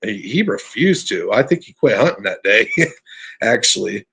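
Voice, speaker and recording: A man telling his encounter story as a podcast guest, earnest and halting, often restarting his sentences. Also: fairly low pitch, very animated, vocal fry, bright, forceful tone, slightly rough. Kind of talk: casual storytelling.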